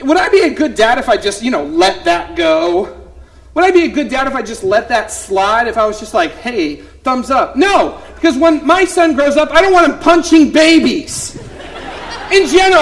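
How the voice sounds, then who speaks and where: A man in his thirties, a youth pastor performing a one-man comedy show on stage, telling stories with big swings from quiet asides to loud exclamations. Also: very high voice. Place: theater stage.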